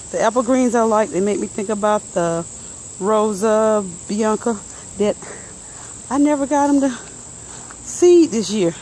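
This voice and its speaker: A woman's voice: a little high, warm tone, a little hiss or hum, poor audio. Breathless woman touring her garden. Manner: chatty, muttering plant names to herself. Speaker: gardening vlogger. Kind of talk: casual garden walkthrough. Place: outdoor vegetable garden.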